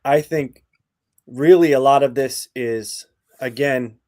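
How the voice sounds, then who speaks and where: A man co-hosting a sports podcast gives blunt, assertive takes. His mid-pitched voice sounds dry and close, with no room echo. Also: takes it slowly, a little mellow. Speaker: podcast co-host. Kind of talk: casual sports commentary.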